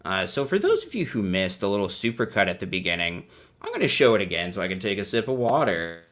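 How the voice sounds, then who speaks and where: A man with a fairly low voice hosts a casual livestream. He rambles through his commentary with a dry, sarcastic edge and often breaks into laughter at his own jokes. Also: very animated, quick pace, a bit bright. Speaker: livestream host.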